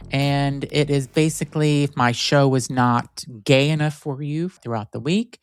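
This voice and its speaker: Recorded in studio quality with no echo, this man's voice is a little high. Alone on his podcast, he rambles conversationally through stories, constantly dropping the filler word "like."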